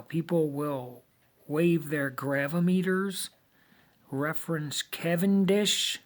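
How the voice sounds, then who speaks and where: A man delivering a lecturing monologue, emphatic and deliberate, with many rhetorical questions. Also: high voice. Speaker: video monologue host.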